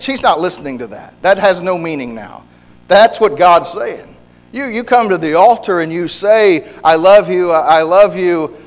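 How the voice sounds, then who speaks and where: A man preaching a sermon in a conversational way, often repeating words and briefly acting out the people he quotes. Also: high voice. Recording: hall reverb.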